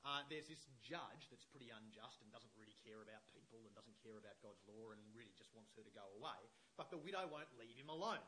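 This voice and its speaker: A man's voice: fairly low pitch, expressive, fast, few pauses, bright, forceful tone, low-quality recording. A man preaching a conversational sermon who keeps checking in with rhetorical questions. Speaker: pastor.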